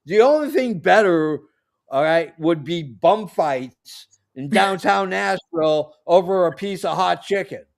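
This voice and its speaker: A man's voice: high voice, expressive, a little slow, creaky. A man co-hosting a casual podcast chat, blunt and jokey as he makes his case. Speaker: podcast co-host.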